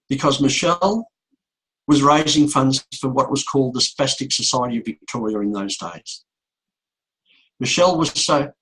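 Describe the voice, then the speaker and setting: Husky aussie guy, middle-aged, giving a heavy motivational talk, slow and repeating himself for effect. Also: mid-range voice, a bit bright, low-quality recording. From Australia. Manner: slow, repetitive storytelling with emphatic pauses. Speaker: motivational speaker. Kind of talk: emotional speech to an audience.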